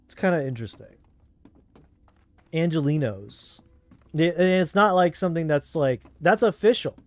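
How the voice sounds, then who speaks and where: A man's voice: on the high side, lively intonation, moderate pace, no room sound. A man from Southern California with a Southern Californian accent, streaming a game and chatting casually in a rambling, laid-back way. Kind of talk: casual chat while gaming.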